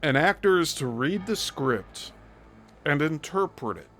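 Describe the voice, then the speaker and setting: A man's voice: fairly high pitch, expressive, unhurried, fairly bright tone. A male host giving critical commentary on a played clip, explaining his points step by step.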